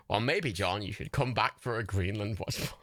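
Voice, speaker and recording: A man's voice: on the low side, lively intonation, moderate pace, a bit bright. A man of Irish heritage co-hosting a livestream, chatting casually about films, jokey and laughing often. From Ireland. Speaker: livestream co-host.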